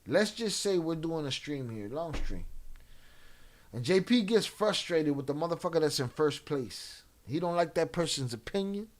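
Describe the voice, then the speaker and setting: A man's voice: fairly high pitch, expressive, moderate pace, a little hiss or hum. A man streaming and reading chat in a loose, profane way, dropping in Spanish slang. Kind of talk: casual live-stream chat.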